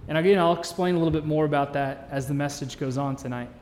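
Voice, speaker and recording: A man's voice: a little high, fast, darkish tone, slight background noise. A man in his thirties, a pastor, preaching a sermon in a church hall in an earnest, conversational way with joking asides. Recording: reverberant church hall sound.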